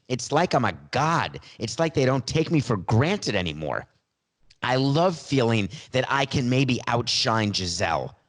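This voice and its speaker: A man's voice: medium pitch, lightly acted. Man mocking a smug, money-minded star quarterback. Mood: boastful. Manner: smug, sarcastic mock press-conference speech. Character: mock star quarterback in his 40s, boastful and money-minded. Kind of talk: satirical impression in a sports podcast.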